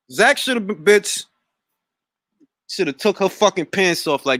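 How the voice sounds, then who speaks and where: High-pitched and very animated, this boxing talk show host speaks at normal speed with a fairly bright tone, recorded cleanly in a studio with no echo. He keeps the livestream chat casual and profane, jumping from topic to topic.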